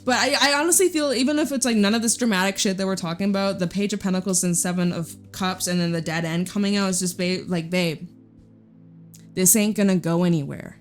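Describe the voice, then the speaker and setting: A woman's voice: mid-range voice, a little fast, soft background music. A young woman giving a casual tarot reading, chatty and blunt, swearing freely and laughing often. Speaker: tarot reader.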